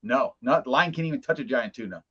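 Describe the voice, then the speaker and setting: A man co-hosting a live stream, joking and arguing loudly in casual chat. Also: mid-range voice, expressive, a little fast, breathy edge, dull audio. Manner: boisterous, argumentative joking. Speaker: co-host.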